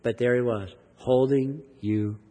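A man's voice: mid-range voice, fairly even intonation, a little slow, warm tone, big-room sound. A man preaching a sermon, reading Scripture aloud and teaching from it with earnest, emphatic delivery that swells and drops. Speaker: pastor.

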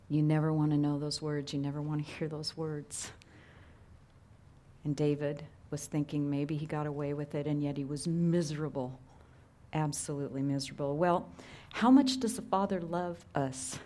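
Earnest, lower-voiced middle-aged woman preacher. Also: steady tone, normal speed. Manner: conversational, earnest, drops to hushed tones for emphasis. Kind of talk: sermon.

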